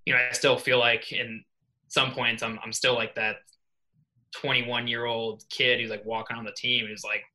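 Recorded roughly on a podcast microphone, a young New York assistant swim coach talks at a moderate pace and medium pitch. As a casual interview guest, he narrates a story animatedly, voicing the dialogue himself.

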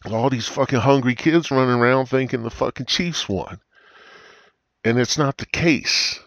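A man's voice: mid-range voice, moderate pace, fairly bright tone, no echo. A man hosting a comedy podcast, rambling through profane, crude stories into a cheap gaming headset. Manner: profane, meandering, crude storytelling. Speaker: podcast host.

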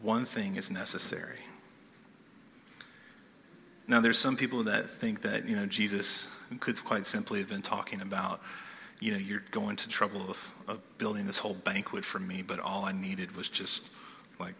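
A man preaching a sermon in a casual, animated way, often checking in with "okay?", in a church hall. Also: fairly low pitch, normal speed, a little hiss or hum. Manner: conversational, animated, keeps asking "okay?". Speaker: pastor.

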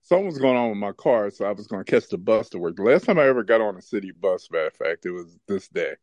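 A man co-hosting a podcast, telling stories in a casual, animated way and laughing often. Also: fairly low pitch, fast talker, no echo, dull audio. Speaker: podcast co-host. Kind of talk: casual chat and storytelling.

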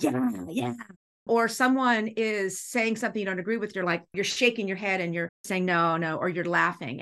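A middle-aged woman, a school's executive director, telling a story in a podcast interview with animated feeling and an easy laugh. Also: mid-range voice. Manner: animated, acts out dialogue while telling stories; emotional, laughs easily.

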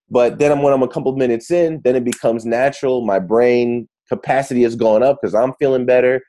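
A man being interviewed as an author, talking in a lively way and often restarting his phrases. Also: mid-range voice, quick pace, few pauses. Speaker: guest author. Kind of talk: conversational interview.

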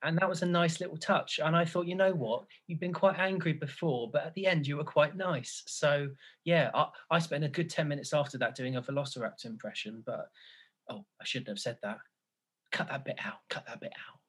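A man's voice: on the high side, fairly quick, a bit bright, slightly rough. A man playing a rambling, hesitant actor being interviewed in a comedy sketch. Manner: rambling, hesitant, self-deprecating. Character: affable male actor being interviewed, mildly hurt. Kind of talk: improvised mock interview.

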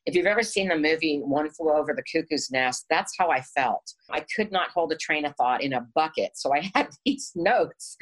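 A woman's voice: deep voice, expressive, moderate pace, hardly any pauses, slightly rough, rough recording. A woman being interviewed, telling a personal story in a frank, earnest way with wry asides. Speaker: interview guest.

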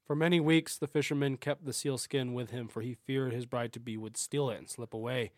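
A man's voice: mid-range voice, fairly even intonation, a little fast, no room sound, clean studio sound. A man, a podcast host, reading a folktale aloud with small stumbles and self-corrections.

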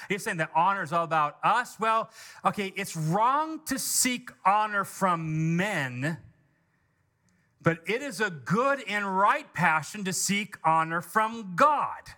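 Pastor guy preaching, punchy, kinda high bright voice. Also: expressive, a little slow. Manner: emphatic, climbing in pitch on key words. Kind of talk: sermon.

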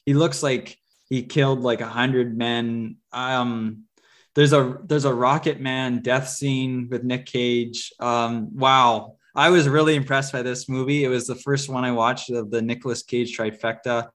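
A man's voice: medium pitch, fairly even intonation, measured pace, fairly bright tone. Man, podcast co-host, loose chatty movie talk, lots of ums and restarts. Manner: rambling, many fillers and restarts. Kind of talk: casual movie review chat.

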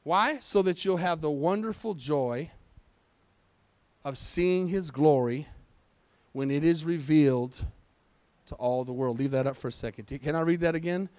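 A man's voice: a little high, a little slow, long pauses, a little mellow, dry recording. A male pastor preaching a sermon in a church, asking his congregation rhetorical questions and calling for responses. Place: church sanctuary.

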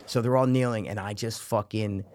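A man telling a story in casual chat, profane and animated, loudly acting out what people said. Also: fairly low pitch, normal speed, a little hiss or hum. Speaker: podcast co-host telling a story.

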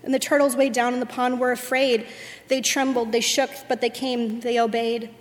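A woman leading a worship service, reading a rhyming story aloud in a rhythmic, expressive way. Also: on the high side, normal speed. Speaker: worship leader. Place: church sanctuary. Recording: echoey sanctuary.

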